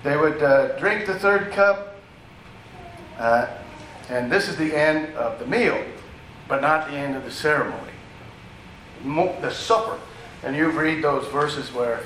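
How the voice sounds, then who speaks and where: A man's voice: medium pitch, fairly bright tone, a little hiss or hum. Male preacher, echoey and distant. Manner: conversational teaching with asides to the congregation. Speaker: pastor. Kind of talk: sermon. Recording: echoey room, distant mic, faint ambience.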